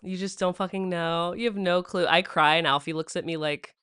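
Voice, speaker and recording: A woman's voice: on the low side, brisk, clear, resonant tone. A young woman hosting a comedy podcast, chatting and telling stories with frequent laughter. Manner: giggly, animated storytelling. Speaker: podcast host. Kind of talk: casual podcast chat. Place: podcast studio. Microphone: studio mic.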